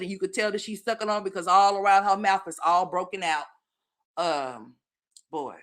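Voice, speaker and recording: Blunt, rambling woman with a low voice. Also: a bit bright. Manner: blunt, profane, rambling, with many "um"s and "honey"s. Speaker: commentary channel host. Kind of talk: casual opinion commentary.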